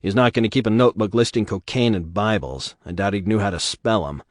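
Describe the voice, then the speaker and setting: A man's voice: lowish voice, a little fast, no room sound, studio quality, lightly acted. Man doing a tough, wry security chief. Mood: gruff.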